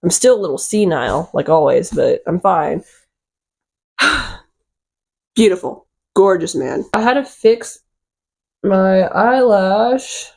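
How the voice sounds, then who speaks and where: A woman with a slightly husky voice rambles through a casual storytime. She sits at a middling pitch, gets excitable and piles on fillers. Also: slow, long pauses. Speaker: vlogger.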